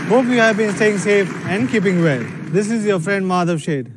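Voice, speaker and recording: A man's voice: high voice, moderate pace, noisy background. A man giving a proud, emphatic scripted keynote as a company executive.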